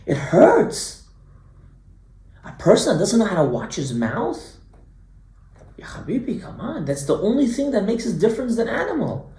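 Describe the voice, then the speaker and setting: A male rabbi giving a sermon, telling a story and swinging between hushed lines and emphatic ones. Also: fairly high pitch. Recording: echoey room.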